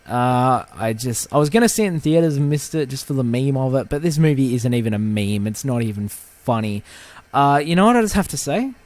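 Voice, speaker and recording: A man hosting a casual film podcast, rambling through heated, profane rants. His talk is full of fillers and false starts, and he sits at a middling pitch. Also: lively intonation, fairly quick, darkish tone, no room sound. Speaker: podcast host. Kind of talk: casual film-review rant.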